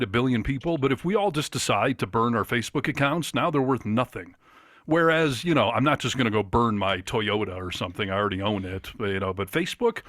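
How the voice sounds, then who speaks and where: A man's voice: mid-range voice, fairly bright tone, no echo, studio quality. A man co-hosting a podcast, talking casually in a sarcastic, profane way. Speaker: podcast co-host.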